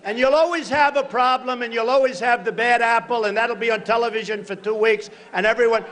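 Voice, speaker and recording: A man in his sixties giving a campaign rally speech at a podium, repeating short punchy phrases and breaking into shouts. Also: extremely high pitch, steady tone, brisk. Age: 60s. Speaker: political candidate at a rally. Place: large rally venue.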